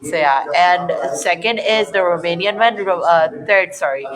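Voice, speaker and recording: Young interview guest, chatty. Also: male voice, high-pitched, moderate pace, rough recording. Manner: chatty, leans on fillers like "so yeah" and "specifically". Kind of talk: casual interview answers. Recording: crowd noise behind the voice.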